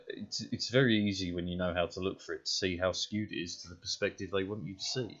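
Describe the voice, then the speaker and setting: British male streamer, very low voice, blunt sweary ranter, dull lo-fi audio with faint music behind. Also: fairly even intonation, fast, few pauses, fairly bright tone. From Britain. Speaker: game streamer. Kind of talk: casual ranting chat while gaming.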